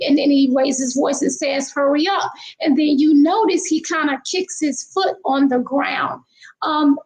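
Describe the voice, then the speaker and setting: A woman commentating on a true crime case in a casual, halting way, with many fillers. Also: sits high, gravelly, a little mellow, low-quality recording.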